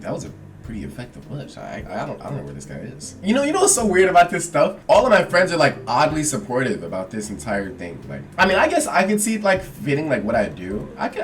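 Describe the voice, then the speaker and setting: A man's voice: medium pitch, recorded from a distance. Young man animatedly telling a funny story. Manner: animated storyteller, acting out quotes. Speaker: vlogger. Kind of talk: comedic storytime.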